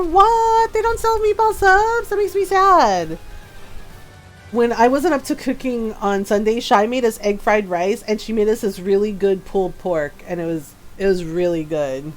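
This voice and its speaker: A woman streaming a video game, chatting casually and laughing often as she tells stories. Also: medium pitch. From her father's home in Texas. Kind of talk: casual gameplay chat.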